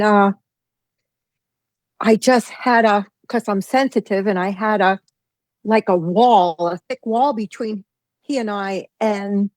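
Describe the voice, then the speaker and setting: A woman speaks on a video call. She talks haltingly and emotionally, stopping and restarting, and her voice sounds dry, with no room echo. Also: mid-range voice. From New York, Queens. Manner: halting, emotional, self-interrupting. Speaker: reading participant.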